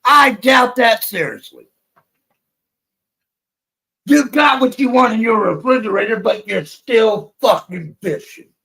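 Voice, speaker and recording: This American livestream panelist speaks in a very high, sharp, creaky voice, a little slowly and with long pauses, over a low-quality recording. He's furious and profane, cursing constantly throughout his rant.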